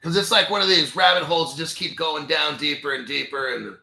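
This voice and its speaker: A man with a slightly high, slightly quick voice that's creaky, bright, and forceful hosts a crypto channel. Sharing his screen, he rambles in a profane, conspiratorial way and argues back at himself. The room has a noticeable echo.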